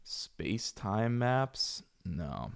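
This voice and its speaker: During a casual reaction stream, a man with a deep, gravelly voice talks bluntly and very slowly. He is very animated, his pitch swinging widely as he rambles along with fillers and asides.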